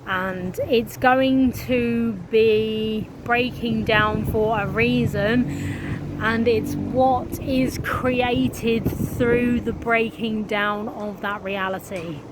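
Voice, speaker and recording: A woman's voice: fairly high pitch, steady tone, extremely slow, background noise. A woman speaking in a casual spiritual monologue, earnest and drawn out, swearing freely. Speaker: spiritual vlogger.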